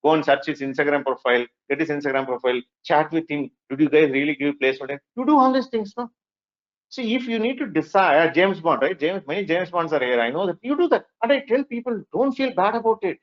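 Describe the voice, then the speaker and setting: A man with an Indian English accent giving a lively classroom lecture, often asking the students "right?" and whether they agree. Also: fairly high pitch, quick pace, lo-fi sound. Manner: lively, mixes in Hindi phrases. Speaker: workshop instructor.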